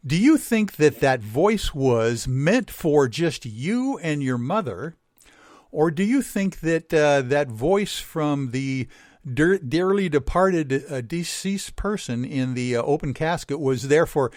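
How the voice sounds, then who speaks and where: A man's voice: fairly high pitch, expressive, slow, darkish tone, no room sound, studio quality. A male radio host asking long, winding questions in a casual, chatty way.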